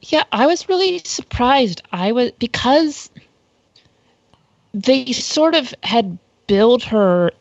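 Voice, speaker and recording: A woman's voice: fairly high pitch, lively intonation, slow, no room sound. Woman guest on dull, dry audio. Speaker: podcast guest. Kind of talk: casual podcast chat.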